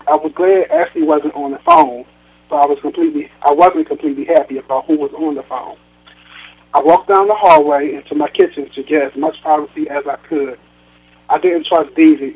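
A male author reading his own first-person novel aloud, often tripping over words and repeating himself. His voice sits a touch high. Everything comes through a thin, phone-like line. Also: gravelly, slightly rough. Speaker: author and guest.

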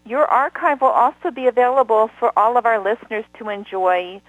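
A woman's voice: on the high side, fairly quick, no echo, poor audio. A woman hosting an interview show, effusive and full of praise for her guest. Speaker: podcast host.

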